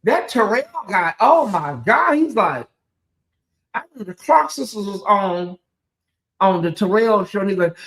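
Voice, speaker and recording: Reacting live and reading the chat, this sassy commentator treats viewers like longtime friends, calling them "honey" and "girl." The delivery is animated and gossipy, from a mid-level pitch that spikes for loud exclaims and sinks for rapid asides.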